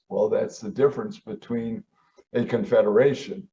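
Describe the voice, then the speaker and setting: A man's voice: on the low side, fairly even intonation, moderate pace, warm tone. An older man, a professor hosting his show, lecturing emphatically and posing rhetorical questions. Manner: emphatic, rhetorical questions, quoting founding texts. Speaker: host, professor. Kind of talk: lecture-style commentary. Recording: slightly distant, dull lo-fi sound.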